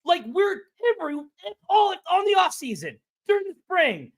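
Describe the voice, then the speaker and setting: A man's voice: very high voice, wildly swooping pitch, moderate pace, few pauses. A man co-hosting a sports podcast, delivering an exasperated, profane rant. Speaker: podcast co-host.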